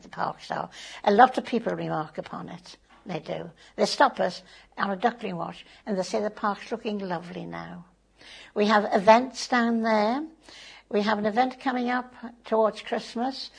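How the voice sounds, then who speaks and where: A woman's voice: mid-range voice, vocal fry, slightly rough. An older woman, a community volunteer chatting in an interview with homely tag phrases. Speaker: community volunteer and board member. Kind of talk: interview, casual recollection.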